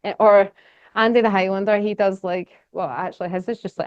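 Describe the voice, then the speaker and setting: A woman's voice: mid-range voice, steady tone, brisk, clear, resonant tone, no room sound. A young woman with a Scottish accent talks casually and enthusiastically to a society audience, rambling with plenty of fillers. The recording is dry and a little dull. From Scotland. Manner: chatty, enthusiastic, rambling with many fillers and laughs. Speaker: guest speaker. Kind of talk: casual conference talk.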